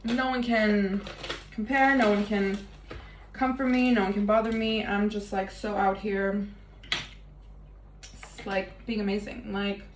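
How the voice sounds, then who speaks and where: A woman's voice: mid-range voice, level tone, a little slow, long pauses. Chatty self-mocking young woman, echoey room. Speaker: vlogger. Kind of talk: casual confessional vlog. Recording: echoey room with faint ambient noise.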